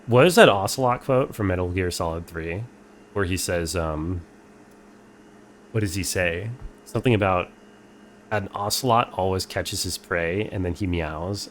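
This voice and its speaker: A man's voice: sits low, a little hiss or hum. A young man streaming a game, reading its text aloud and chatting dryly with viewers. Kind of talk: casual game playthrough commentary.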